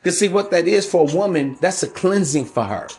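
A man's voice: high-pitched, lively intonation, brisk, a little mellow, soft background music. A man hosting a podcast, giving relationship advice in a casual, profane, preachy monologue that keeps calling his listeners bro. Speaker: podcast host.

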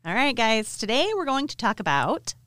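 A woman's voice: fairly high pitch, big pitch swings, normal speed, fairly bright tone, no room sound, clean studio sound, faint music behind. A woman co-hosting a podcast in casual, enthusiastic chat, with a slight New York accent. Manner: enthusiastic, chatty, grateful. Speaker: podcast co-host.

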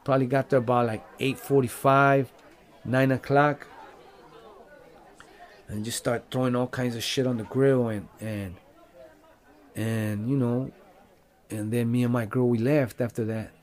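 A man's voice: mid-range voice, fairly even intonation, measured pace, long pauses, a faint crowd. A man, a rapper, telling a personal story in a loose, rambling, casual way with lots of fillers and swearing.

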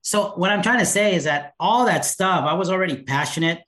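A man with a slightly high voice tells stories in a loose, animated way and slips into voices for the people he quotes. The sound is roomy, with a clear echo around him. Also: a little fast. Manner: animated, acts out quoted dialogue. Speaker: podcast guest. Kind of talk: casual storytelling.

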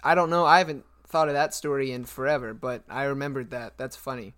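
A man's voice: mid-range voice, steady tone, fast, fairly bright tone. A young man co-hosting a podcast, telling stories in a chatty way and laughing often. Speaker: podcast co-host. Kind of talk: casual chat.

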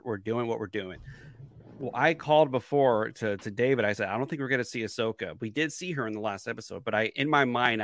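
A man co-hosting a casual fan podcast, his low voice close and dry on the microphone. He talks with excitement, repeats words as he restarts and often breaks into laughter. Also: no echo. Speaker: podcast co-host.

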